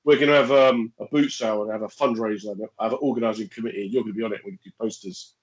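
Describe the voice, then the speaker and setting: A man's voice: on the low side, racing, slight background noise, low-quality recording. A man co-hosting a podcast, chatting casually in an indignant, joking way. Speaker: podcast co-host. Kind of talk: casual chat.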